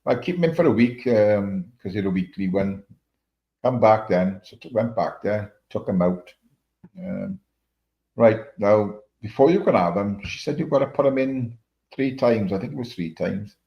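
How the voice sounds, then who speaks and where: Welsh male streamer, middle-aged, rambling and sweary, lowish voice, dull lo-fi stream audio. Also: animated, normal speed, creaky. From Wales. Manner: swears a lot, rambling storytelling. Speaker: livestream host. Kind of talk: casual chat.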